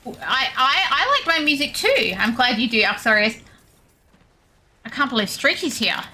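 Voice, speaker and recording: A young Australian woman chatting casually with her viewers while streaming a game, self-deprecating and quick to laugh. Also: sits high, sing-song, bright, forceful tone. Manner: chatty, self-deprecating, laughs often, reads chat aloud. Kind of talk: casual gaming stream chat.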